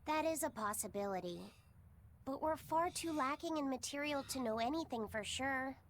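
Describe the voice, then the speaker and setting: An actress playing a thoughtful, gentle young boy in a video game. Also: sits high, animated, moderate pace, slight background noise.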